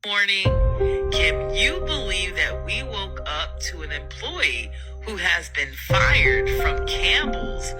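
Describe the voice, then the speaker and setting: A woman speaking casually to camera, retelling a story in an animated, indignant way. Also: on the low side, slow pace, loud music behind the voice.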